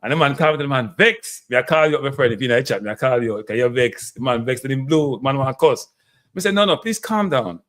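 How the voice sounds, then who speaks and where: A man's voice: medium pitch, quick pace. Jamaican guy on a live stream, gets worked up easy, laughs a lot, regular middle voice. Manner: excitable, emotive, laughs often, in Jamaican patois. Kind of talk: casual live-stream football talk.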